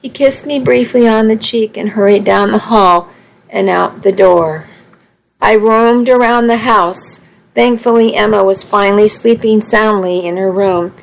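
A woman's voice: medium pitch, unhurried, vocal fry, low-quality recording. A woman reading a first-person story aloud with earnest, emotional storytelling. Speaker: audiobook narrator. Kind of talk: first-person scripted narration.

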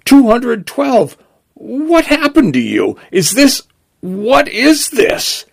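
A man voicing a robot delivery vehicle that is startled and fussy, speaking in quick exclamations. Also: mid-range voice, huge pitch swings, creaky, slightly rough, exaggerated voice. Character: flustered robot delivery vehicle, male-sounding.

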